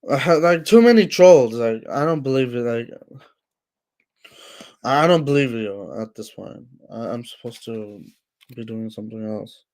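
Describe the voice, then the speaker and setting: On a casual stream, a man in the host's seat takes questions from chat in an unhurried, drawn-out way, his mid-range voice animated and a little mellow. Fillers and false starts run through his talk, and he often reprimands trolls. The audio suggests a home streaming microphone.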